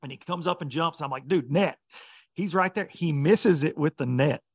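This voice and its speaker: A man, a professional bass angler, telling a story in casual chat with laughs along the way. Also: brisk, no echo, clean studio sound.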